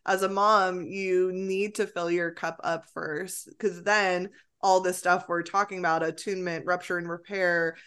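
A woman's voice: lowish voice, steady tone, measured pace, few pauses, fairly bright tone, clean tone. A woman hosting a podcast as a parenting coach, upbeat and coaching in tone, often acting out inner thoughts. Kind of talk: casual podcast conversation.

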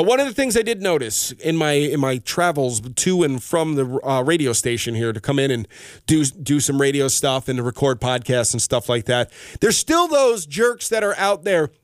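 Man, podcast host, rambling, heartfelt, mid-pitched voice, dry studio mic. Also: dry recording. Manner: rambling, heartfelt, self-interrupting. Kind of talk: personal podcast monologue. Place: radio station studio. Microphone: studio microphone.

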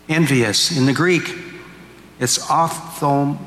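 A man's voice: mid-range voice, unhurried, pauses often, fairly bright tone. A male pastor preaching a homily, retelling a parable in a storytelling way and acting out its speakers. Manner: storytelling, acts out quotes. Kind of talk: sermon. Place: church. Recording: echoey church hall, faint ambience.

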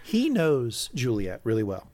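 A man's voice: mid-range voice, measured pace. A man co-hosting a casual recap podcast, acting out quoted lines. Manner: animated, acts out quoted lines. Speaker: podcast co-host.

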